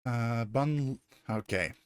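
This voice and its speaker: A man's voice: medium pitch, slow pace, clear, resonant tone, no room sound. A man playing a video game and thinking aloud in casual commentary, often correcting himself. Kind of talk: let's-play commentary.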